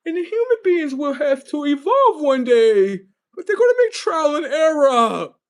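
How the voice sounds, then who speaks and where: Professor Xavier, a man doing him as a high, pleading mentor. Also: big pitch swings, moderate pace, heavily acted. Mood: preachy. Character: merciful older male mutant mentor, pleading.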